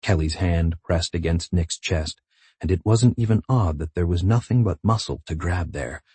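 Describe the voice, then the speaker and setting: A man reads a novel aloud in a measured, intimate way. His voice is very low, dark and husky. The recording is dry and close with no room sound. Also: no room sound. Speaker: audiobook narrator. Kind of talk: scripted narration.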